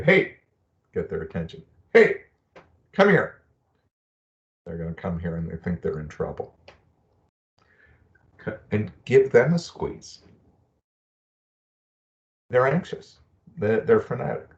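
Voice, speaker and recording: A man's voice: fairly low pitch, a little mellow, dull audio. A middle-aged man giving a webinar talk, earnest and personal, telling stories from his own life. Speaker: presenter. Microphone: video call.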